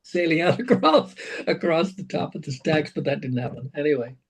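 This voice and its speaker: High-voiced older man telling rock stories. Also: brisk, vocal fry, breathy edge, low-quality recording. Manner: animated anecdotes, acts out quotes, swears, laughs. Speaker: rock singer, interview guest. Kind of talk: storytelling interview.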